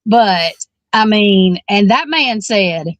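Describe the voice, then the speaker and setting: A woman's voice: medium pitch, expressive, takes it slowly, no room sound. A woman, co-hosting a true-crime podcast in a blunt, fired-up way, swearing freely and restarting her sentences. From Alabama. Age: 40s. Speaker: podcast co-host. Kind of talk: casual true-crime discussion.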